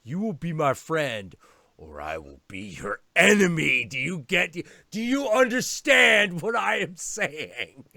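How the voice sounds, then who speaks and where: A man's voice: on the high side, big pitch swings, moderate pace, a bit bright, no room sound, clean studio sound. A man voicing a needy, boastful young male house cat that whines and repeats itself. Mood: menacing. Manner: whiny, wheedling, repeats himself.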